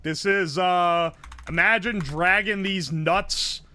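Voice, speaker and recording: A man's voice: high voice, slow pace, pushed and bright. A man streaming live and chatting casually, rambling, swearing often, laughing a lot and humming tunes.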